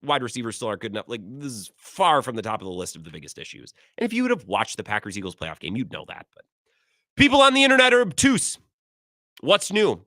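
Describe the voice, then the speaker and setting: A man's voice: mid-range voice, wildly swooping pitch, fast, bright, forceful tone, dry recording, clean studio sound. A man hosting sports talk radio, ranting sarcastically about his team.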